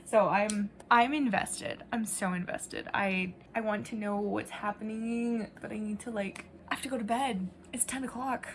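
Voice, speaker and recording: A woman's voice: mid-range voice, steady tone, moderate pace, hardly any pauses, a little hiss or hum. A young woman chatting casually in a reading vlog at home, rambling with lots of likes. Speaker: book vlogger.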